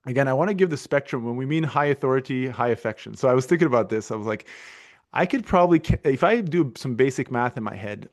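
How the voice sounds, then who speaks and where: A man's voice: mid-range voice, expressive, quick pace. A middle-aged man hosting a podcast, telling a long story in a casual, rambling way full of restarts and fillers. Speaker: podcast host.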